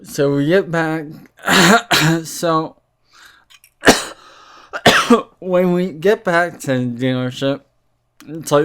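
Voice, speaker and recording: A young man telling a rambling, halting story about a bad experience in a casual vlog, mildly irritated and full of fillers. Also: a little high, sharp tone. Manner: mildly irritated, recounting a complaint. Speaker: vlogger.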